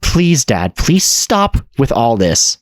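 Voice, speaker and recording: A man's voice: medium pitch, sing-song, slow pace, dry recording, studio quality, voice pushed up. A man voicing a worried young adult daughter in a game, pleading with her father through tears.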